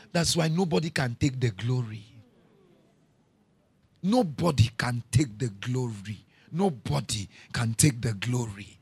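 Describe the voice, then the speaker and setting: A man preaching a sermon, repeating his lines, moving from quiet storytelling to shouting. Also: mid-range voice, measured pace, slightly rough. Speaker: pastor.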